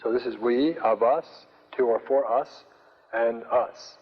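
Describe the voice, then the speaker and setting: An older man teaching a Greek class, speaking slowly with many fillers and restarts. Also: mid-range voice, breathy edge. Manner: slow, hesitant, many fillers. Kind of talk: classroom lecture. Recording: dull, roomy lecture recording.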